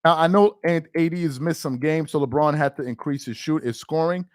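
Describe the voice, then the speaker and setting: A young adult man talking casually on a live stream about basketball. He gets excited and laughs often, repeating himself. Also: on the high side, fairly quick, dry recording, studio quality.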